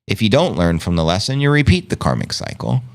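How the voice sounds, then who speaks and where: A man's voice: fairly low pitch, big pitch swings, a little fast. A man hosting a casual livestream, reading viewer comments aloud in a laid-back, slangy way. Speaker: livestream host.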